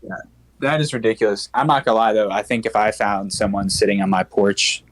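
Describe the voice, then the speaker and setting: A young man on a casual podcast, telling a story in a halting way with many restarts. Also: on the low side, no echo. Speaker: podcast co-host. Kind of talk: casual chat.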